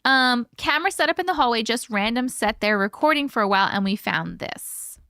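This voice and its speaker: A woman's voice: fairly high pitch, animated, brisk, pushed and bright, dry recording, clean studio sound. A woman hosting a live stream, chatting casually with viewers, swearing freely and laughing often. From part Italian heritage, American. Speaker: host reading viewer stories.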